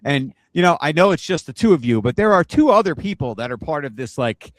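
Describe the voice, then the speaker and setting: A man's voice: a little high, sing-song, a little fast, dry recording. A man co-hosting a casual teacher podcast, chatty and self-deprecating, with lots of fillers.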